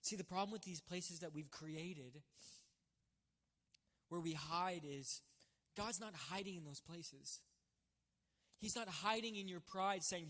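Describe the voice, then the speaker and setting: A man giving an emotional personal testimony as a church site leader, earnest and halting with frequent restarts. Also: fairly high pitch, a bit bright, long reverb tail. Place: church stage.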